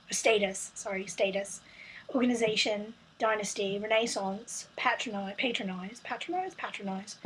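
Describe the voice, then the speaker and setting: A young woman putting on a clumsy fake British accent while reading words slowly and hesitantly, often correcting herself. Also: medium pitch, slight background noise, lightly acted, low-quality recording. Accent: put-on British.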